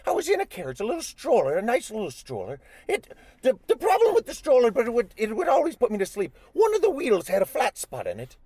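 A squeaky cheeky leprechaun. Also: male voice, huge pitch swings, quick pace, dark tone, slightly rough, no room sound, full character voice. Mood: rambling. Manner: ends nearly every line with "Joe", teasing and evasive. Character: cheeky dysfunctional male leprechaun, squeaky, evasive. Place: parked car.

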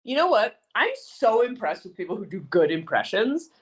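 A woman's voice: mid-range voice, very animated, normal speed. A woman in her thirties, a sports reporter and podcast guest, chatting in a bubbly, self-deprecating way. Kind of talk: casual chat.

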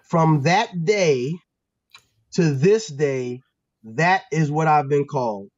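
A man from Pennsylvania, a former football player and guest, telling stories in a casual, animated, slangy way with lots of restarts. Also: fairly high pitch, slow pace, no room sound, dull audio. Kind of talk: casual storytelling.

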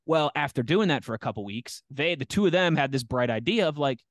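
A man co-hosting a podcast, telling an anecdote in an animated, casual way and laughing as he goes. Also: fairly high pitch, a little fast, dry recording, clean studio sound. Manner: animated storyteller who laughs often and acts out quotes. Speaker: podcast co-host and sports radio reporter. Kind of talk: casual storytelling chat.

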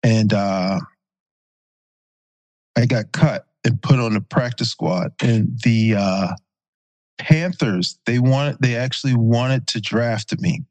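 Male, 40s, podcast guest; easygoing anecdotal delivery, medium pitch, dry studio sound. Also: slow, no room sound. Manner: relaxed anecdotal retelling with fillers and self-corrections. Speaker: podcast guest, former pro football player. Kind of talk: casual storytelling.

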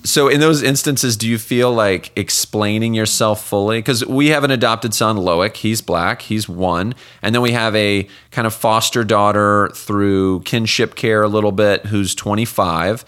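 A man's voice: fairly low pitch, unhurried, hardly any pauses, a bit bright, clean tone. A man hosting a casual interview, an adoptive parent asking long, rambling questions. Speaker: podcast host and adoptive parent.

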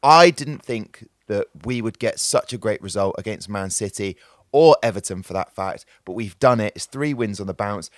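Animated man, jokey podcast banter. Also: lowish voice, moderate pace, no echo, studio quality. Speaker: podcast co-host. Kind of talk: casual chat.

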